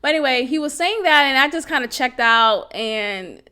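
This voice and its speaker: A woman's voice: high-pitched, lively intonation, normal speed, bright, forceful tone, clear, resonant tone. A young woman hosting a podcast, telling a personal story in a blunt, casual way with slang and frequent laughter. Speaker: podcast host.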